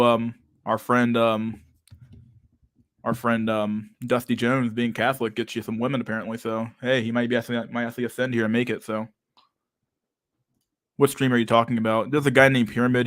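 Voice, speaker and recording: A man's voice: mid-range voice, fairly bright tone, no echo, clean studio sound. A young man hosting a casual livestream chat, talking with a lisp and a stutter and many fillers as he reads out chat messages. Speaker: livestream host reading chat.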